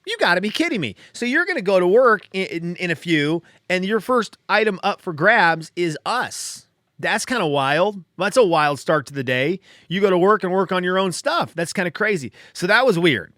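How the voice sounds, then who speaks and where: A man's voice: high voice, expressive, moderate pace, a bit bright, no echo, clean studio sound. A middle-aged man hosting his own podcast, telling a personal story in a casual, rambling way, still shaken and a little dazed. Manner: rambling, restarting, heavy on "like". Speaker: podcast host.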